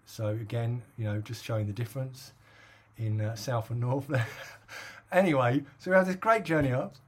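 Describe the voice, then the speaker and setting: Man, middle-aged, from England, husky, rambling, casual chat. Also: medium pitch, normal speed. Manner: rambling storyteller with many fillers and laughs. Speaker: podcast co-host.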